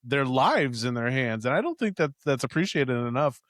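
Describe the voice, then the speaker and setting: A man co-hosting a casual podcast, joking in a relaxed way about a sports film. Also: medium pitch, moderate pace, no echo, clean studio sound. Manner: relaxed, joking, says dude. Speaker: podcast co-host. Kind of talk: casual chat recapping a movie.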